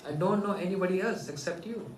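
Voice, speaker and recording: A man from India gives an earnest, gentle devotional talk and voices the people in his story. His voice sits a little high, and he is picked up from a distance in an echoey room with faint ambient noise behind him. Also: fast. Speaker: spiritual teacher.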